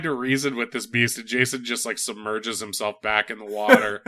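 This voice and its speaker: A man's voice: mid-range voice, little pitch movement, brisk, hardly any pauses, pushed and bright. A man hosting a comedy podcast, reviewing a film in rambling casual chat full of filler words. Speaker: podcast host.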